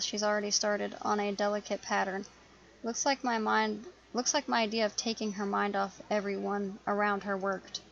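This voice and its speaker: A woman hosting a let's play, reading a visual novel aloud in a steady narrating voice with small slips. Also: medium pitch, dull audio.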